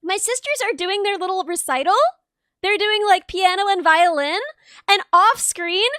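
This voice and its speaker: A young woman streamer chatting casually and telling animated stories, laughing through them. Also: extremely high pitch, normal speed, no room sound, clean studio sound. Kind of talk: casual chat, storytelling.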